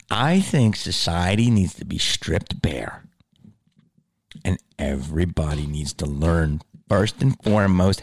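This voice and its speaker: A man launches into a heated, profane monologue rant, his voice swinging between low growls and high outbursts.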